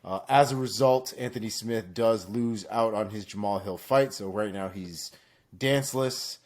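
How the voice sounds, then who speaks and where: Low-voiced man reading fight news. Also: normal speed. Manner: reads news items with frequent "uh" fillers. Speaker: podcast co-host. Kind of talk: casual news roundup.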